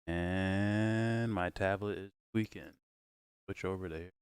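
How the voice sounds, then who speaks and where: A man hosts a casual livestream, reacting and chatting in a rambling, giggly, profane way. His voice is low and smooth with fairly even intonation, and he takes it slowly. There's no echo on the recording.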